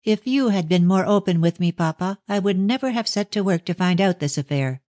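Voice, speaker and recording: A man's voice: high-pitched, animated, brisk, darkish tone, no echo, voice pushed up. A man voicing an anxious young Victorian daughter who pleads earnestly with her father in an audiobook. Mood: indignant. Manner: pleading, raised and earnest delivery. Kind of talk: audiobook reading of a novel.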